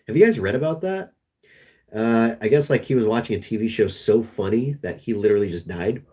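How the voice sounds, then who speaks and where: Male streamer, slightly low voice, loose rambling livestream chat that trails off and restarts. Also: animated, warm tone, breathy edge. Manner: rambling, halting, with many restarts.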